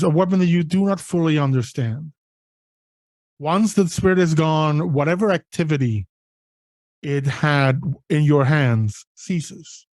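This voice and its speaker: A man narrating a tabletop role-playing game as game master, setting scenes in a deliberate way. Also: on the high side, a little mellow, no echo.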